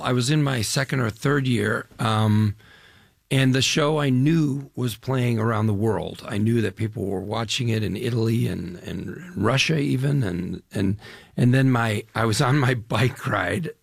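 A man's voice: mid-range voice, measured pace, vocal fry, no echo, clean studio sound. An older man from the US Midwest, an actor talking about his film in an interview, enthusiastic and rambling with fillers. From Chicago area, US Midwest. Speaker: actor guest. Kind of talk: interview conversation.

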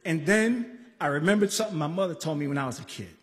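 A man from the Bronx telling a story on a live stage, animated, acting out voices and shouting at times. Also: a little high, fast. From the Bronx, New York. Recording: live stage recording in a reverberant hall.

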